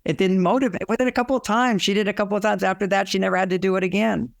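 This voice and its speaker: A man's voice: sits high, fairly even intonation, racing, vocal fry, no echo, clean studio sound. A man giving relationship advice as a guest, telling personal stories, chuckling and acting out quoted dialogue. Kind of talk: anecdotal advice talk.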